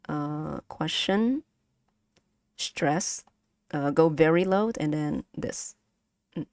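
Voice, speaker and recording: Casual streamer, woman, patient lesson delivery, unhurried, dead dry close sound. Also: low voice, expressive, darkish tone, no room sound. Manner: slow, patient, breaks into sung syllables and laughs. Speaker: streamer teaching Vietnamese.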